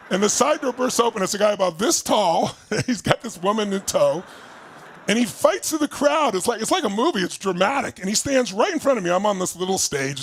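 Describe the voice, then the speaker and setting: Older male motivational speaker with a raspy edge, lively and audience-engaging. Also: sits high, slight background noise. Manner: animated, asks the audience questions, laughs often. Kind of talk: storytelling seminar talk.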